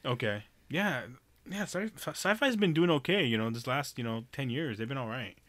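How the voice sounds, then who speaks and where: A man talks loosely about shows he likes. He rambles, swears freely and laughs often. His voice is bright and the sound is dry. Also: mid-range voice, lively intonation, moderate pace, no room sound. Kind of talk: casual chat about TV shows.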